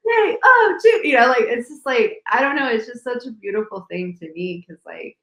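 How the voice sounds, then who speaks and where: A woman's voice: a little high, expressive, fairly quick, fairly bright tone. A woman co-hosting a podcast in casual chat, talking emotionally and gushingly with many fillers. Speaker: podcast co-host. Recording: roomy echo.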